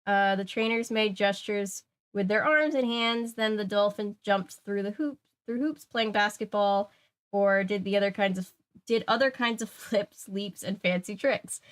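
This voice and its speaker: A woman's voice: medium pitch, unhurried. A young woman reading a kids' mystery book aloud, breaking off for chatty, jokey asides. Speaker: channel host. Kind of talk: casual reading aloud with commentary.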